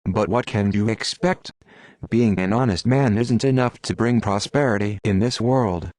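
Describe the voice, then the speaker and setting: A man's voice: lowish voice, moderate pace, a little mellow, dry recording, lightly acted. A man reading the lines of a poor, bitter, self-pitying innkeeper in an audiobook. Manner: complaining, sighing talk.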